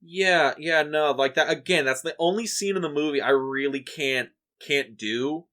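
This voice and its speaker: A man co-hosting a casual movie discussion, recapping scenes in an animated way and swearing freely. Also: on the high side, normal speed. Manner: animated retelling, frequent profanity.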